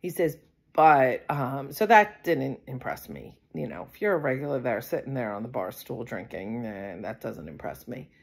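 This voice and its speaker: Low gravelly-voiced woman rambling a story. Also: expressive, normal speed. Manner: rambling, many fillers and asides. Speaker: vlogger. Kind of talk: casual storytelling.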